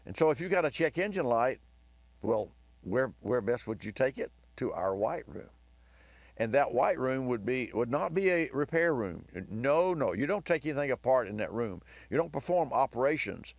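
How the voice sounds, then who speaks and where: Hoarse male talk-radio host, rambling enthusiastic storyteller, mid-pitched, dry close mic. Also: big pitch swings, normal speed, no room sound. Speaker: host of a car advice radio show.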